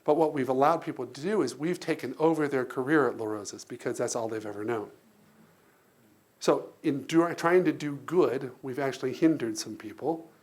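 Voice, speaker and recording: A man giving a lively keynote speech to an audience, telling stories, acting out voices and laughing often. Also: mid-range voice, normal speed. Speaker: keynote speaker. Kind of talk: live storytelling speech.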